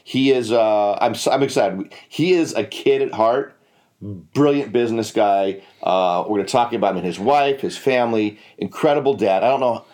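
A man's voice: lowish voice, moderate pace, darkish tone. A middle-aged man co-hosting a podcast, talking with eager enthusiasm and often saying "yes" and "absolutely". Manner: enthusiastic, lots of agreeing fillers. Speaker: podcast co-host. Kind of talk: casual chat.

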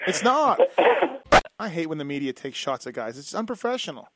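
A man's voice: fairly high pitch, very animated, a little fast, heavy background noise. A man hosting a moto talk show, teasing his co-hosts and fielding callers with lots of laughs. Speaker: podcast host. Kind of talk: casual studio banter. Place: radio-style studio.

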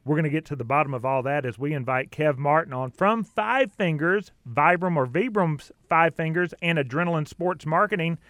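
A man hosts an outdoors radio talk show in a chatty, easygoing way, laughing often between points. His voice sits a little high. The studio sound is close and dry. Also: a little fast, hardly any pauses, a bit bright, dry recording. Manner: chatty, laughs easily, some fillers.

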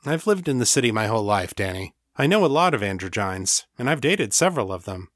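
A man voicing a playful, smooth-talking male psychologist in an audiobook. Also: on the low side, big pitch swings, fairly quick, fairly bright tone, no echo, studio quality. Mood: reassuring.

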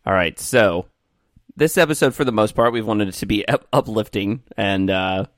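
A man's voice: on the low side, moderate pace, no echo, clean studio sound. A man co-hosting a podcast, chatting casually and reading quiz questions aloud in an offhand way. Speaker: podcast co-host.

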